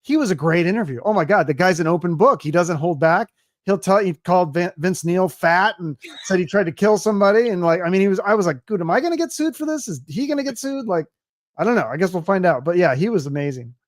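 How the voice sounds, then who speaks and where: A chatty, enthusiastic man hosting a podcast who swears casually as he talks. His voice sits notably high, and the sound is dry and close. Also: quick pace, no room sound. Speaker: podcast host. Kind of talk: casual chat.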